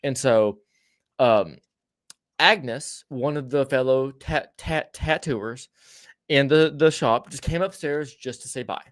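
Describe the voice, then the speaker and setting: A man's voice: mid-range voice, takes it slowly. Male podcast host, casual storyteller, profane and rambling, lots of restarts.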